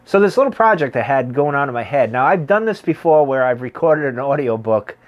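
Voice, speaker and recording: A man's voice: mid-range voice, sing-song, a little fast, highs cut off. A middle-aged man chatting casually to camera as a pipe-smoking vlogger, rambling and circling back to his points.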